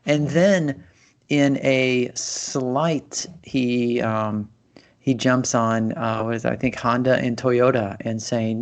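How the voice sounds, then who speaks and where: A man's voice: medium pitch, steady tone, takes it slowly. A man hosting a casual podcast chat, conversational and loose, with plenty of fillers and restarts. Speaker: podcast host.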